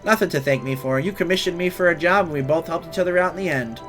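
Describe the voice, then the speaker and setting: A man reading the lines of a laid-back young man from a game, in a relaxed, steady voice. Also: fairly high pitch, fast talker, faint music behind, natural voice. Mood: easygoing. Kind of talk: reading game dialogue aloud.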